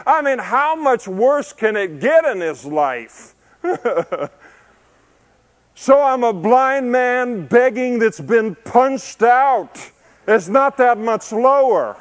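Man, pastor, conversational sermon, slightly high voice, joking asides, swings loud to soft. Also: expressive, unhurried. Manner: conversational, joking asides, swells to loud emphasis then softens. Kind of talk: expository sermon to a congregation.

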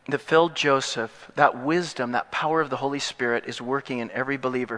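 A man preaching a sermon as pastor, animated and joking, swinging between loud, emphatic points and hushed, intimate asides. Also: mid-range voice, big-room sound.

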